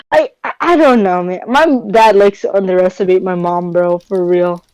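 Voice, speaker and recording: A woman's voice: medium pitch, normal speed, darkish tone, smooth, no room sound, rough recording. A young woman co-hosting a podcast, telling a rambling story in casual chat, full of fillers and slangy asides. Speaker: podcast co-host.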